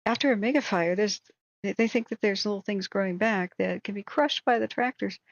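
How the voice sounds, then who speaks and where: A woman with a hoarse voice hosts a wildfire tracking livestream, venting in indignant, exasperated commentary. The audio is dull and lo-fi, with a dry, close sound and no room echo. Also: medium pitch, fairly quick.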